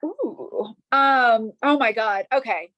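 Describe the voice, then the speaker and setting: A woman guest on a podcast, talking in an emotional, halting way with many restarts. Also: on the high side, fairly bright tone, no room sound, highs cut off. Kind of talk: casual interview chat.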